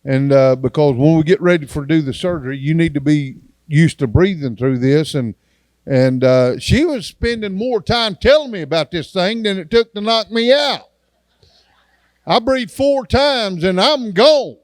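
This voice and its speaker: A man's voice: fairly high pitch, a little slow, no echo. A man, an evangelist giving a testimony sermon in a church and acting out the dialogue in his story in a folksy way.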